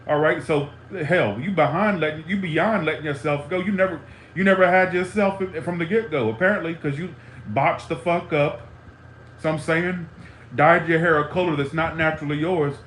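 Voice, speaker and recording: Man, angry rant, profane, repetitive, raised pitch, echoey room. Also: moderate pace, fairly bright tone, slight background noise. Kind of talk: angry ranting monologue. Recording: roomy echo, faint ambience.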